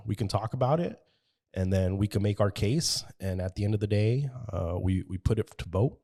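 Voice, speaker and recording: A very deep-voiced man from the United States, chatting on a podcast. His tone is dark and mellow, and he talks earnestly, rambling a bit and restarting sentences. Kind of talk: casual podcast conversation.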